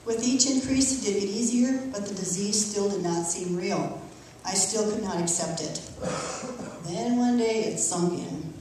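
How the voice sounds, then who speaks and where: A middle-aged woman reads her personal testimony aloud in church, earnest and emotional yet steady. Her medium voice carries through a strongly echoing sanctuary from a distant microphone, with a faint hum of room noise beneath. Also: mid-range voice. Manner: earnest, emotional, measured reading. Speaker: church member giving testimony. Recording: echoey church from far off.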